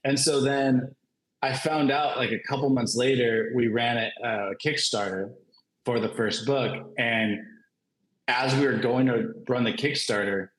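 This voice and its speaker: On a virtual panel, a comic creator appearing as a guest tells a casual anecdote animatedly, laughing often and filling his speech with "like." His medium-pitched voice is unhurried, and the room adds an echoey sound.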